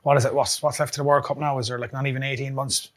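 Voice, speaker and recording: A man's voice: mid-range voice, level tone, racing, fairly bright tone. A man hosting a casual sports podcast, joking and pushing his guests for opinions. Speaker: podcast host.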